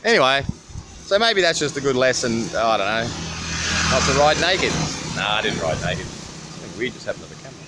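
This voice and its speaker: A man's voice: mid-range voice, sing-song, a little fast. An Australian man vlogging casually at a busy roadside, swearing freely and rambling through a story into a handheld camera. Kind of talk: casual roadside travel vlog. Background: faint passing traffic.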